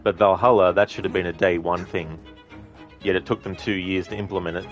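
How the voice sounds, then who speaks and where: A man's voice: low-pitched, steady tone, brisk, lo-fi sound, faint music behind. A young Australian man with an Australian accent, casually commentating a game and answering chat, blunt and profane. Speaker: gaming streamer.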